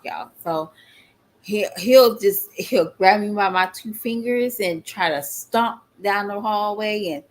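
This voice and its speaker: A woman's voice: medium pitch, a little hiss or hum. A middle-aged woman chatting casually to her viewers, often laughing and calling them y'all. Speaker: vlogger.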